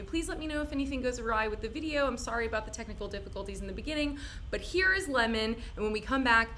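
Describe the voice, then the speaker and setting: Woman host, bright bubbly delivery, a bit high, faint hiss behind. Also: lively intonation, fast talker. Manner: bubbly, swearing, laughs often. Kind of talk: excited live-stream interview intro.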